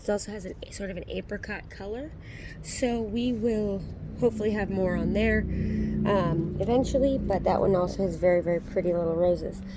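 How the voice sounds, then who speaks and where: Woman, thirties, casual garden tour vlog, relaxed and chatty, mid-pitched voice, phone mic outdoors, faint background hiss. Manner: chatty, relaxed, with frequent ums. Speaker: gardening vlogger.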